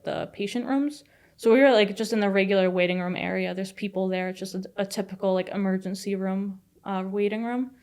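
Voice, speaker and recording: A woman's voice: mid-range voice, darkish tone. Woman telling a story with lots of "like". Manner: fast, filler-heavy retelling with frequent "like" and swearing. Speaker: guest. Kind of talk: casual storytelling.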